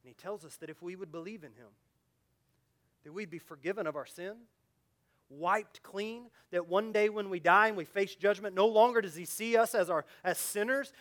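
A male pastor preaching a sermon, speaking earnestly and directly to his congregation, swinging from loud urgent emphasis to quiet low asides. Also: normal speed. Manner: earnest, direct appeals to listeners.

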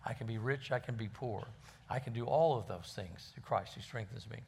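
A man's voice: lowish voice, a little fast, vocal fry, darkish tone, slightly rough. A man who is a pastor, preaching a conversational sermon in a folksy way and often repeating words as he finds his phrasing.

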